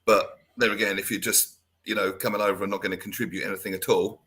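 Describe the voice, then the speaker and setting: A fairly low-voiced man talks fast in a radio studio, his voice a little husky. He chimes in readily, agreeing with his co-host in casual chat. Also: flat delivery, bright, forceful tone.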